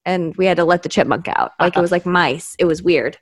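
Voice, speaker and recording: Excitable, tipsy woman from Oklahoma. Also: on the low side, a little fast. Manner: excitable, rambling, dramatic. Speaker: podcast cohost. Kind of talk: casual chat. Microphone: video call.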